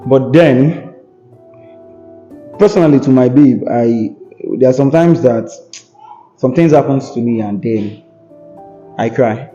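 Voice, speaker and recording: A man's voice: medium pitch, slow pace, long pauses, warm tone, highs cut off, faint music behind. A young man talking earnestly and emphatically as a podcast guest, with a preacherly tone. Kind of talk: earnest conversational talk.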